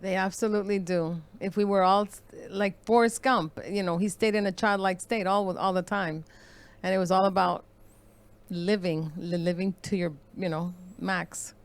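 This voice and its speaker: A woman's voice: medium pitch, steady tone, moderate pace, clean tone. A female guest in an interview, speaking sincerely and briefly about her children. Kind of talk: interview conversation.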